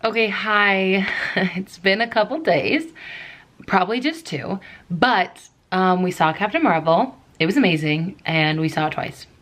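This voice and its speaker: A woman's voice: on the low side, expressive, unhurried, a bit bright. A woman book vlogger chatting casually and rambling, with lots of "like" fillers.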